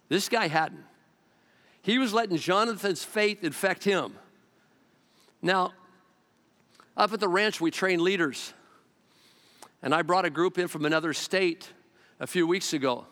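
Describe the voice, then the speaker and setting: Brief: male pastor, somewhat high voice, lively storyteller, big echoing hall. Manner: animated storytelling, acting out quotes in varied voices. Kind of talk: sermon. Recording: long hall reverb.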